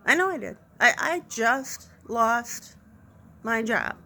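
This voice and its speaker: A nurse with a slightly high voice and some vocal fry tells a funny story from her job, taking it slowly. She is casual and animated, poking fun at herself and laughing through the anecdote.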